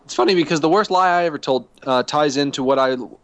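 A young man co-hosting a casual podcast, reading listener emails in a blunt, halting way with casual swearing. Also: fairly high pitch, no room sound. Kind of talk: casual chat.

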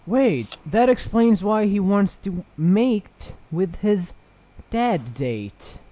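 A man's voice: high-pitched, very animated, very slow, dark tone, dry recording. A man co-hosting a casual livestream podcast, joking around and swearing freely. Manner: jokey, swears freely, goofy asides. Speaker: podcast co-host. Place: home in Egypt.

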